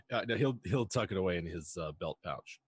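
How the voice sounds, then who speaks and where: A man's voice: deep voice, slightly rough. A man playing in a tabletop game, answering briefly and offhand. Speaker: player. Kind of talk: casual play chat.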